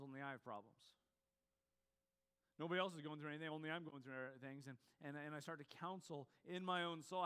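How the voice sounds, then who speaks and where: Pastor guy preaching casual, lotsa uh's and restarts, kinda high voice, echoey hall. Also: a bit bright, clean tone. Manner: conversational preaching, many fillers and restarts. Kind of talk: sermon.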